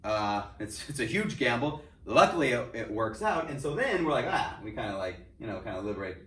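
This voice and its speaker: A man's voice: mid-range voice, big pitch swings, brisk, pushed and bright. A male history teacher giving a casual, joking lecture full of fillers. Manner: chatty, joking, filler-heavy delivery. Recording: echoey room, distant mic, faint hiss.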